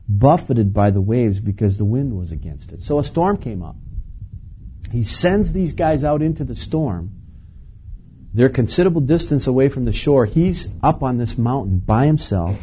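Mellow-voiced pastor preaching casually. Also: male voice, medium pitch, husky, muffled recording. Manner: conversational, chuckles often, asks the listeners questions. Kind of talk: sermon.

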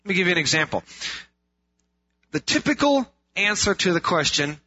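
High, bright-voiced preacher man. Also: sing-song, moderate pace, pauses often, husky. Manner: earnest, rhetorical questions, restarts and emphatic repetition. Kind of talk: sermon. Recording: dull lo-fi sound.

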